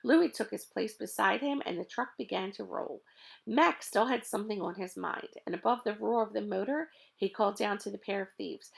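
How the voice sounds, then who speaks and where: A woman reading a children's chapter book aloud in a lively, expressive way. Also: mid-range voice, normal speed, creaky, breathy edge. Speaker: reader. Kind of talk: storybook read-aloud.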